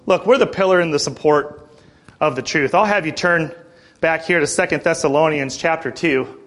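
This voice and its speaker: Male pastor, high voice, chatty preaching that breaks scripture down plainly. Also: normal speed, a bit bright. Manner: conversational preaching with asides and acted quotes. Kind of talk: sermon.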